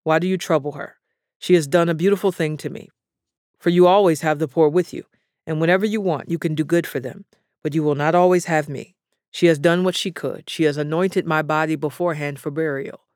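A man reading the words of Jesus, a grave and measured teacher, in a plain voice. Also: fairly high pitch, darkish tone, no echo, clean studio sound, close to an everyday voice. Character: Jesus, grown man teacher, calm and solemn.

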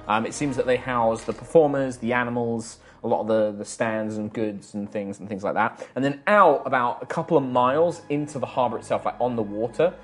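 A woman narrating a tabletop game as game master, in a chatty, animated way. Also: a bass voice, soft background music. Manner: chatty, animated, quick to laugh.

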